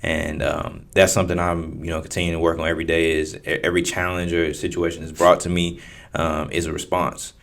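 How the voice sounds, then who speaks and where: A man co-hosts a casual podcast. He talks in a laid-back, rambling way, full of "um" and "you know." His pitch barely moves. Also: monotone, a little fast, vocal fry, a bit bright. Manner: laid-back, rambling with many fillers and restarts. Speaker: podcast co-host.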